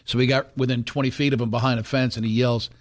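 A man hosting a morning radio show, chatting and telling stories animatedly, acting out quotes in other voices. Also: fast talker. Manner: animated storyteller, acts out quotes in high voices. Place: radio studio.

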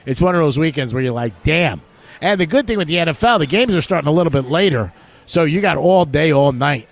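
A man's voice: fairly high pitch, animated, fast talker. A middle-aged man hosting sports betting talk radio, chatty and joking as he tells stories. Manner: chatty storytelling with jokes.

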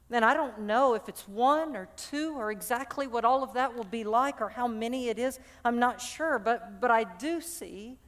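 A woman pastor delivers a passionate sermon. Her voice sits a little high, and she often repeats words as she builds toward a point.

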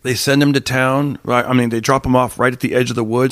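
A man's voice: medium pitch, quick pace, dry recording, studio quality. A man in casual conversation, animatedly retelling a TV episode and laughing often. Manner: animated storyteller, acts out characters in raised voices, laughs often.

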